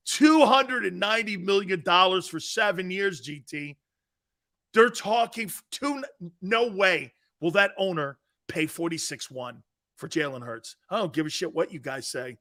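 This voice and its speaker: Middle-aged guy hosting sports talk, talks slow, sarcastic, swears, yells now and then. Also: high-pitched, expressive. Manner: brash, sarcastic, swears, jumps to shouted outbursts. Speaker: sports talk show host. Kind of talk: opinionated sports radio talk.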